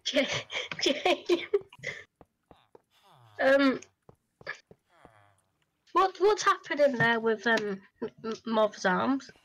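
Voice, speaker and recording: A woman's voice: on the high side, lively intonation, drawn-out words, long pauses, fairly bright tone, low-quality recording. A nineteen-year-old woman, streaming and chatting casually, laughing often and swearing freely. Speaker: livestreamer. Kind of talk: casual gaming chat.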